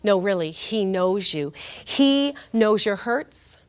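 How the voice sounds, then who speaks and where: A woman's voice: mid-range voice, animated, slow pace. Earnest woman preaching. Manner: earnest, addresses the audience directly as "you guys"; repeats key phrases for emphasis. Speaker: speaker giving a faith talk. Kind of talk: sermon-style teaching with stories.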